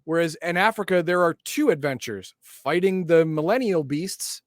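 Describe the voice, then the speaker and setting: Man, casual chat, explains game lore, slightly high voice, dry close sound. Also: lively intonation, moderate pace, no room sound. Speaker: podcast co-host.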